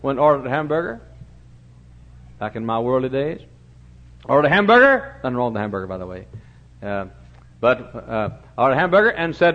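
Older man, preaching a sermon, voice swooping high and low, dull lo-fi recording. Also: big pitch swings, fairly quick, pauses often. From Texas. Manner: swings from booming shouts to low asides, storytelling with acted dialogue. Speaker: pastor. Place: church sanctuary.

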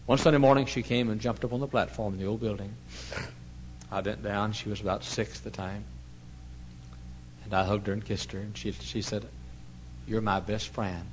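A male pastor telling a story in a sermon, swinging from hushed to loud. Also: lowish voice, fairly even intonation, brisk, a little hiss or hum, low-quality recording.

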